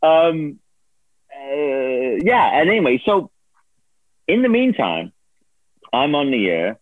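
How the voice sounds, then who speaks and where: Animated man on a tinny line. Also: on the high side, slow, no echo. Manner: animated, laughing, acts out others' voices. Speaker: guest, former producer turned on-air host. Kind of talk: casual storytelling interview. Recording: dry tinny phone-like line.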